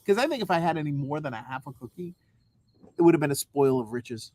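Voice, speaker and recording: A man co-hosting a casual married-couple podcast, making quiet, wry interjections. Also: on the high side, expressive, fast, no room sound. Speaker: podcast co-host.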